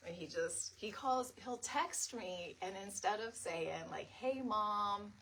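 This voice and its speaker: A woman's voice: takes it slowly, heavy background noise. A middle-aged woman hosting a casual live craft stream, chatting to viewers by name and laughing often. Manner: animated, jumps to high pitch when retelling stories. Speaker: craft livestream host.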